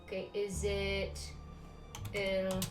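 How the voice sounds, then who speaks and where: A chatty young woman talking her way through a game, reading screens aloud as she goes. Her voice sits at an ordinary pitch over clearly audible game music. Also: monotone, drawn-out words, distant mic, poor audio. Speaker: let's-play host. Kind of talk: casual gameplay chat. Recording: game music playing behind.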